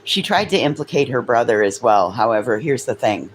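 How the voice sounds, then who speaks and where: A woman's voice: expressive, fairly quick, few pauses, a little hiss or hum, low-quality recording. A woman chatting casually with viewers, swearing freely. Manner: high sing-song baby talk to her dogs. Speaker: livestream host.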